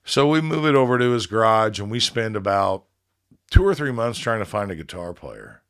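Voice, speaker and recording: Low-voiced man telling a profane story. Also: normal speed, clear, resonant tone. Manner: profane, animated storytelling with quoted dialogue. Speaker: podcast guest, band leader. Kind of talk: casual storytelling chat.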